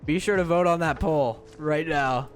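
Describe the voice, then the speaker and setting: A man's voice: normal speed, soft background music. A man streaming live, chatting with his viewers in a rambling, giggly way. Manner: giggly, rambling, breaks into high laughing shrieks. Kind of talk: casual live-stream chat.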